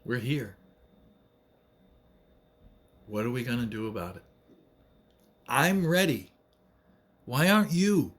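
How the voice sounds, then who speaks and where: Slow, earnest man giving a rallying monologue. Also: medium pitch, fairly bright tone. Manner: earnest, emphatic, repetitive rallying speech. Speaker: vlogger. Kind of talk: impassioned political monologue.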